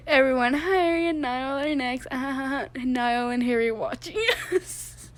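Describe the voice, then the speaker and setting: A woman's voice: on the high side, steady tone, slow pace. A young woman reading fan tweets aloud in a casual way, often breaking into laughter. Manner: giggly, keeps breaking into laughter.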